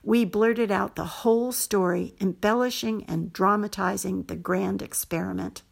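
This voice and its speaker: A woman reads a first-person story aloud in a steady, measured way. Her voice has a gravelly fry and a husky, slightly breathy grain, at a mid pitch for a woman. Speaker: host and story reader. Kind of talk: scripted story narration.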